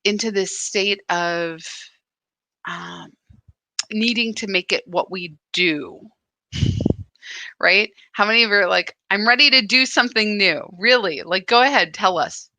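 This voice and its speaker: Bright, lively spiritual guide woman. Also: mid-range voice, measured pace, dry recording. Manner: animated, chatty, full of "right?" asides. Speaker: spiritual guide leading a live practice. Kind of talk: live-stream spiritual talk.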